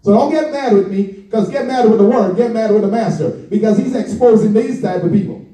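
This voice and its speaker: A man with a very high voice preaches to his congregation in an echoey church hall, drawing out his words for emphasis. His tone is dark and mellow, and he stands some way off from the mic, so the room sound carries him. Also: far from the mic. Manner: preaching with drawn-out emphasis and direct address. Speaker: pastor. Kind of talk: sermon.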